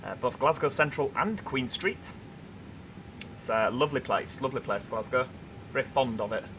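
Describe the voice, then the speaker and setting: A man's voice: medium pitch, moderate pace, noisy background. A young man with a Yorkshire accent, hosting a casual livestream and chatting as he reads viewer comments aloud. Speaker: livestream host.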